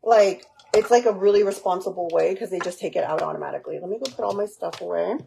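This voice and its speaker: A woman's voice: on the low side, fast talker, vocal fry, background noise. A woman hosting a casual live cooking stream from her home kitchen, chatting with viewers and dropping in Spanish words. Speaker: cooking livestream host.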